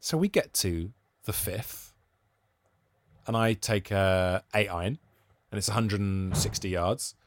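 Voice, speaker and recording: A man's voice: fairly low pitch, measured pace, pauses often, no room sound, clean studio sound. A young man, a podcast co-host, telling stories in casual chat and acting out what people said. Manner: animated storyteller, acts out quoted voices.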